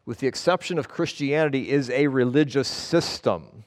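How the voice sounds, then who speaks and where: A male pastor preaches with earnest emphasis, leaning on single words as he reads scripture and explains it. His voice sits at an ordinary middle pitch for a man. It carries a long reverb that rings around a large hall. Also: normal speed. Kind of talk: sermon, scripture reading with commentary.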